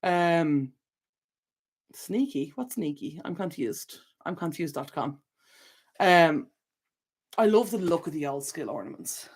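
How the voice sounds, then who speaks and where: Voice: medium pitch, expressive, slow pace, long pauses. A young adult channel host chatting casually on a livestream, reading out viewer comments, rambling with frequent laughs and self-corrections.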